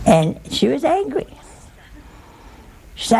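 A woman's voice: a little high, very animated, slow pace, pauses often, a little mellow, slight background noise. A woman giving a folksy sermon, chatty and teasing, full of rhetorical questions to her listeners. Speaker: religious teacher.

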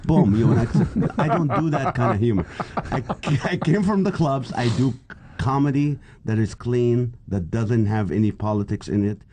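A man's voice: medium pitch, moderate pace, few pauses, a little hiss or hum. A man from the Middle East in his fifties, a comedian guest telling stories in a casual interview and acting out the voices of the people in them. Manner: animated storyteller, acts out quoted voices.

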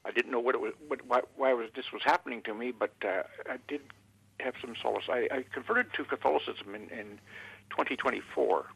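A man from Canada, a guest in an interview, speaking haltingly with many fillers and restarts. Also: mid-range voice, creaky, fairly bright tone, breathy edge, rough recording.

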